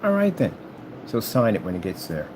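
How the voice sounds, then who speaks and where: A man's voice: fairly low pitch, wildly swooping pitch, moderate pace, darkish tone, a little hiss or hum. A man delivering a rambling, taunting monologue at a rival, repeating stock phrases and humming to himself as he works through paperwork indoors. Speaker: YouTuber addressing a rival.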